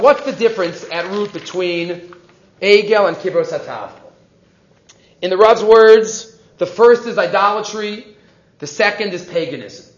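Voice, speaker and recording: A man teaching an evening Torah class, lively and animated, acting out the quoted speeches and mixing in Hebrew terms. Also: high-pitched. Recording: roomy, dull lo-fi class recording.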